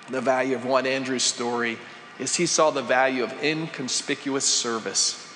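A male pastor preaching a sermon, moving between hushed asides and emphatic rises. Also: mid-range voice, slight background noise. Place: church sanctuary. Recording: long reverb, faint ambience.

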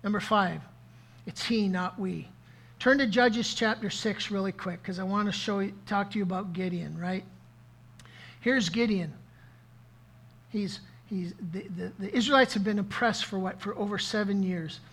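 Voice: mid-range voice, moderate pace, a bit bright. Interactive preacher quizzing the congregation. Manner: interactive, asks the audience questions, repeats key phrases. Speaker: pastor. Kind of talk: sermon to a live congregation.

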